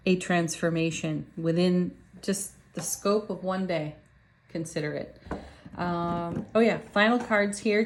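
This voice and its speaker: A woman's voice: on the low side, a little mellow. A woman reading tarot cards to her viewers in a casual, chatty, upbeat way. She laughs often and talks straight to her audience. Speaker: tarot reader.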